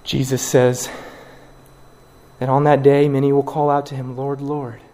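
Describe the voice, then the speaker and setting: A man preaching a sermon, dramatic, acting out the people he quotes and swinging from loud cries to hushed words. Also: medium pitch, flat delivery, unhurried, big-room sound. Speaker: pastor.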